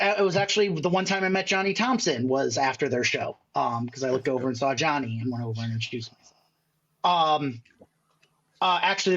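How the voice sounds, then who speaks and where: A man's voice: on the high side, fairly bright tone, muffled recording. A man from the Chicago area, a guest magician telling stories in a casual podcast chat, acting out other people's lines as he goes. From Chicago area, USA.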